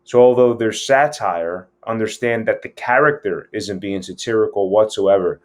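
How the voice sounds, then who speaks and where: A man's voice: on the low side, moderate pace. A man giving a casual scene-breakdown lesson as an acting coach, speaking frankly and with plenty of profanity.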